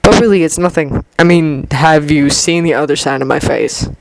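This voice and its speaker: A woman voicing a reserved, guarded teenage boy who talks quietly and hesitantly, in a muttering way. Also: deep voice, fairly even intonation, moderate pace, gravelly, dry recording, rough recording. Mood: subdued.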